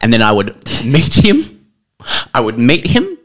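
Lively playful woman co-hosting a podcast. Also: extremely low pitch, measured pace. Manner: playful, teasing, laughs often. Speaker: podcast co-host. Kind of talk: casual comedic chat.

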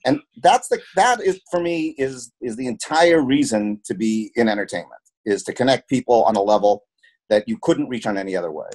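A man's voice: medium pitch, expressive, a little fast, darkish tone. A man who works as a film and television producer, telling stories as an interview guest in an earnest way and often repeating words as he restarts. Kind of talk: conversational interview, telling anecdotes.

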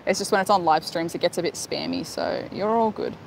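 A woman's voice: on the low side, fairly quick, creaky, slight background noise, poor audio. A young woman chatting casually on a live stream while walking outside, upbeat and talkative as she greets viewers. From Australia. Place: outdoors, walking.

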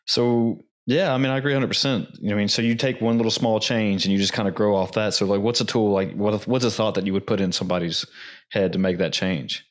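A man's voice: fairly low pitch, steady tone, fast talker. A man hosting a podcast, chatting casually and rambling through his points. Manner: rambling, many fillers and restarts. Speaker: podcast host.

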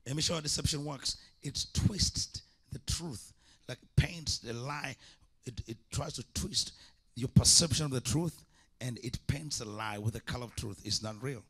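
A man's voice: medium pitch, moderate pace, a bit bright, slightly rough. A man preaching a sermon as an evangelist, impassioned, with repeated call-and-response lines.

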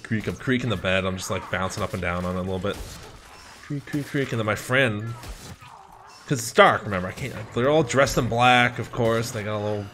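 A young man hosting a gaming channel, casually commenting on gameplay and telling a story, animated and swearing with lots of fillers. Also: fairly low pitch, slight background noise.

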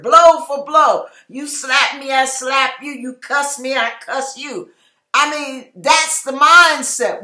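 A woman's voice: high voice, sharp tone, roomy sound. A woman giving an emphatic, repetitive sermon-style Bible teaching, acting out everyday quarrels in quoted voices. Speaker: Christian teacher.

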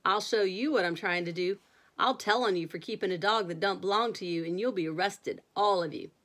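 A woman voicing a rough schoolboy bully in a bedtime storybook reading, speaking loudly and mockingly. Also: medium pitch, brisk, lightly acted. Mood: taunting. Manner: taunting, loud.

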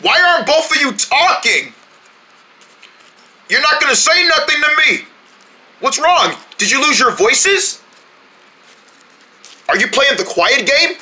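A man voicing an excitable young male cartoon deer who shouts and complains at everyone. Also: very high voice, full character voice. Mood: indignant. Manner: shouty, indignant, quick to complain. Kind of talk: cartoon voice acting.

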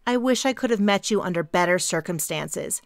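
A woman's voice: medium pitch, expressive, a little fast, dry recording, studio quality, lightly acted. A woman voicing a confident, poised businesswoman who owns a company, speaking in a gracious, composed way.

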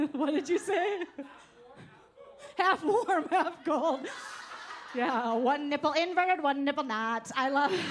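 Woman comedian, high voice, brash and profane, crowd work on stage, faint background noise. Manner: brash, profane, teasing the audience. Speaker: stand-up comedian. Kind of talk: stand-up set with crowd work. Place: live comedy show on stage.

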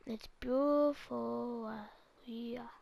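A woman's voice: fairly high pitch, fairly even intonation, drawn-out words, gravelly, muffled recording. A teenage girl giving casual, rambling gameplay commentary and talking straight to her viewers. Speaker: gaming video creator.

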